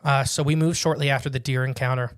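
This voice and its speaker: A man co-hosting a casual podcast, reading a listener's written story aloud and breaking in with quick jokes and asides. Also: mid-range voice, fairly even intonation, clean tone, no room sound, clean studio sound.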